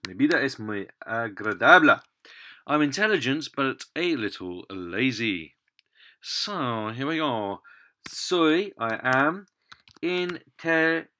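A man's voice: mid-range voice, expressive, slow, bright, forceful tone. A man teaching a language lesson, explaining patiently while typing at a computer. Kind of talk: screen-recorded language lesson.

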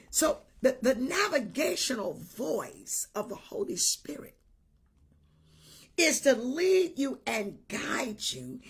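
A woman bishop preaching a sermon, animated, shouting at times and breaking into tongues. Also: a little high, creaky, husky.

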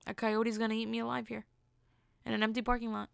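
A young woman hosts a casual solo podcast, bluntly recounting a dating story and animatedly acting out each quote. Her voice is a little high and gravelly, quick-paced, clear and resonant, with no echo.

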